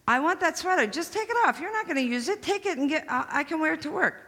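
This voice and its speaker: A woman's voice: expressive, quick pace, pushed and bright, big-room sound. A woman doing a whiny, pushy sister. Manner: insistent, demanding, high-pitched.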